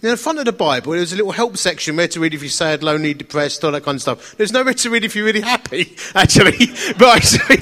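Casting: middle-aged man, high voice, slight lisp, enthusiastic storytelling preacher. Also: bright, forceful tone. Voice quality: slight lisp on some words. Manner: storytelling, enthusiastic, chatty with laughs. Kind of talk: sermon.

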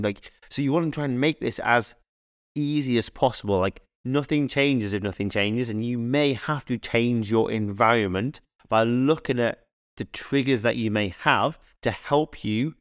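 A male fitness coach co-hosting a casual podcast, chatting in an animated, rambling way full of anecdotes and restarts. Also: medium pitch, no room sound, studio quality.

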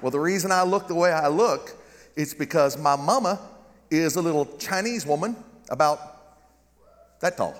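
In what sounds like a large hall, a middle-aged man with a Southern American accent preaches as a guest pastor, his voice on the high side and his speed normal. He jokes, stays animated, and calls for amens in a large church with a balcony.

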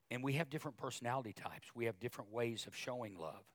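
A male pastor preaching a sermon, talking conversationally with asides and repeated words, then rising in pitch and volume as he gets emotional. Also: fast, few pauses, no echo. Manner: emotional, grows louder and higher when preaching.

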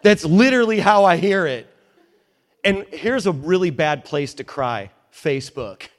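A man's voice: a little high, expressive, unhurried. Emphatic man preaching a sermon. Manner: emphatic, conversational, joking asides. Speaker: pastor. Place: church in New York.

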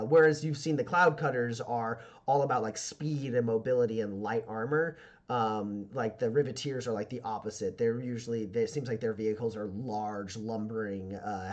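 A man's voice: medium pitch, muffled recording. A man narrating as game master, rambling with many fillers and restarts.

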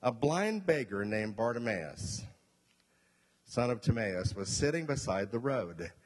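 A man's voice: mid-range voice, very animated, unhurried. A male pastor preaching a sermon, emphatic, repeating key points and asking the congregation questions. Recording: long reverb of a hall.

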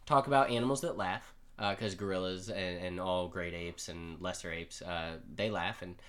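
A man's voice: low voice, steady tone, moderate pace, a bit bright. A man co-hosting a casual podcast, rambling and joking as he recaps a story, swearing freely. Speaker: podcast co-host. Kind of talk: casual comic chat.

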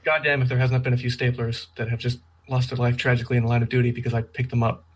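Casual chatter, Canadian man, husky, quick and slurry, remote call. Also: medium pitch, flat delivery. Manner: fast-talking, slurs words, jokey. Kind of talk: casual chat.

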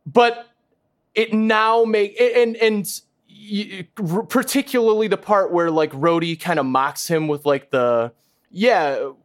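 A man co-hosting a podcast, talking casually in halting starts and restarts, his pitch jumping when he is unsure. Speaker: podcast co-host. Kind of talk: casual chat.

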